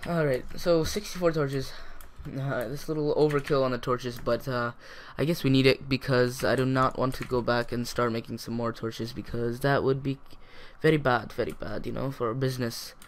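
A man casually commenting as he plays a video game, rambling and chatty with sudden bursts of excitement. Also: medium pitch, normal speed, few pauses, slight background noise. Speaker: gaming YouTuber. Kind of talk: casual let's-play commentary.

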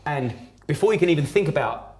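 A man's voice: a little high, lively intonation, brisk, darkish tone. A man telling his personal story as a podcast guest, blunt and emphatic, swearing heavily.

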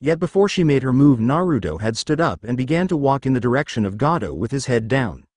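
A man's voice: medium pitch, big pitch swings, a little fast, a little mellow, no room sound, studio quality. A man reading a fanfiction story aloud as narrator.

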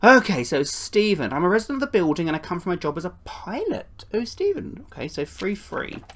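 Lively woman gaming YouTuber. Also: lowish voice, a little fast, slightly rough. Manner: chatty, swaps into put-on voices for visitors. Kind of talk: playful gameplay commentary.

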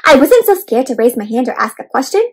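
A woman doing an interactive read-aloud of a picture book for children, animated, with gasps and questions to the listeners. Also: high voice, fast, husky, soft background music, low-quality recording. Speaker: children's storyteller.

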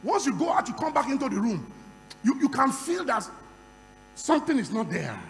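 A man preaching a sermon at a conference, moving from quiet storytelling to loud shouting. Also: extremely high pitch, sing-song, moderate pace. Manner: acts out dialogue in a conversational storytelling voice. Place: large conference hall. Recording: reverberant hall with faint hum.

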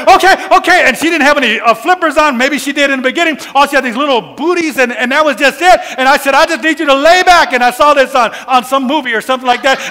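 Preacher guy with a real high bright voice, laughing and shouting through his story, big echoey church. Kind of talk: sermon with personal story.

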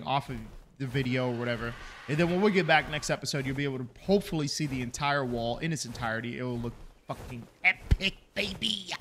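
A young man talks through a video game in a loose, rambling commentary, dropping swear words and laughing off his own ideas. His voice sits at an ordinary middle pitch, with a faint hum of room ambience underneath. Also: a bit bright. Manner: chatty and rambling, swears casually, jokes at himself. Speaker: gaming video creator. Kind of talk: casual let's-play commentary.

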